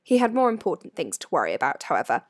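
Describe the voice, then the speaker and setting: Brief: female audiobook narrator, lively expressive pitch, dry close-mic studio sound. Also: quick pace, no room sound. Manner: expressive, varied reading. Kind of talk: storybook narration.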